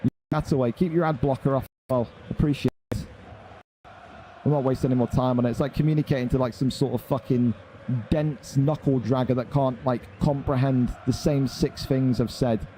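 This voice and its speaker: A man's voice: mid-range voice, fairly even intonation, normal speed, dark tone, slight background noise. A young man hosting a live esports stream, talking bluntly and swearing freely as he rants at his chat. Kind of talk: casual live-stream commentary.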